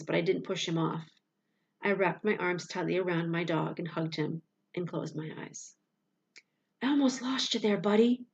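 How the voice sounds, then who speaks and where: A woman reading a first-person audiobook aloud, expressive and dramatic, with loud cries in the dialogue. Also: on the low side, lo-fi sound. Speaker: audiobook reader.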